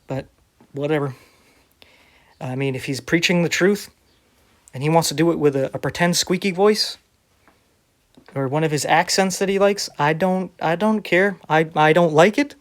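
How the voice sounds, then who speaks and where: Sarcastic man reading viewer comments. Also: on the high side. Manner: sarcastic, defensive. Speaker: online preacher.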